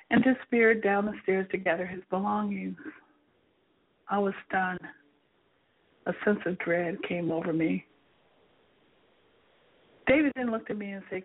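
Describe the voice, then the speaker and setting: A woman reading her own memoir aloud in an earnest storytelling manner, with a husky voice and tinny phone-like sound. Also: medium pitch, a little slow, pauses often. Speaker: author reading her book.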